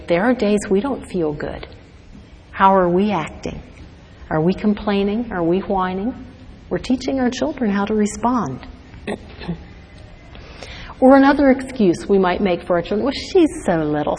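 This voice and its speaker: Earnest woman teaching with husky voice. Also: mid-range voice, a little mellow, long reverb tail, low-quality recording. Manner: earnest, asks rhetorical questions. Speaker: speaker to mothers. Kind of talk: devotional teaching talk.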